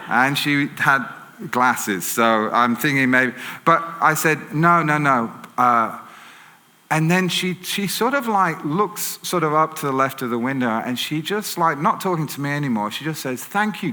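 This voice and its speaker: A man's voice: on the high side, expressive, a little slow, sharp tone. A man with an English accent preaching a sermon in a chatty storytelling way, full of fillers and self-corrections. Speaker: pastor. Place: church auditorium. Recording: long church hall reverb.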